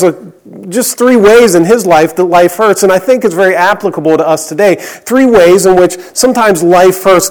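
A man preaching a sermon, reading scripture aloud in an earnest tone and dropping to a hush on key lines. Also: high voice. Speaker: pastor.

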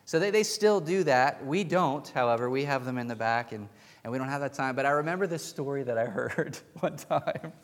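A man's voice: medium pitch, animated, a little fast. A male pastor preaching a conversational sermon in a church, telling a story with restarts and chuckles. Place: church sanctuary with pews. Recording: long hall reverb in a church.

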